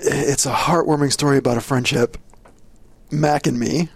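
A man with a husky voice chatting on a podcast, hesitant and amused. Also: medium pitch, fairly even intonation, normal speed. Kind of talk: casual chat.

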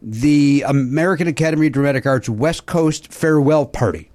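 A man's voice: fairly high pitch, brisk, darkish tone, no echo. A middle-aged man hosting a comedy podcast, talking casually and self-deprecatingly with lots of filler words. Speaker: podcast host. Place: podcast studio.

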